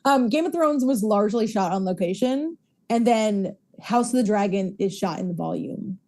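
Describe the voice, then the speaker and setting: A woman cohosting a podcast, chatting in a lively way and laughing often. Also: medium pitch, moderate pace. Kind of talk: casual chat.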